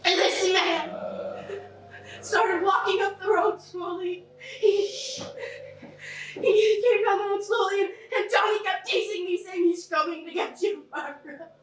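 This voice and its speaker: An actress plays a shell-shocked young woman on a stage play, her voice very high and her telling slow, broken and breathless. She is caught from far off in an echoey hall with noise behind her, sounding like a distant, noisy stage recording. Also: a crowd in the background. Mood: frantic. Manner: halting, breathless retelling that breaks into sobbing screams. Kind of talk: stage acting.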